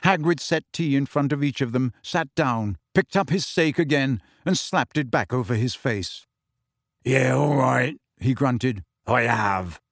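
A man narrating an audiobook in an expressive storytelling voice. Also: medium pitch, normal speed, hardly any pauses, no room sound, studio quality.

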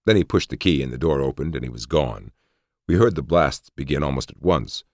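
A man reading a story aloud with a very deep, gravelly voice that still rises and falls a lot. His delivery is expressive. The sound is dry and close to the mic. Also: fairly quick, dry recording. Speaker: narrator. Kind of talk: audiobook narration.

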